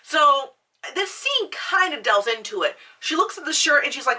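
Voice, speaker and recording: A woman's voice: sits high, very animated, moderate pace, sharp tone, recorded from a distance. A young woman vlogger ranting casually about a film, swearing often, full of fillers and restarts. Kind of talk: casual rant.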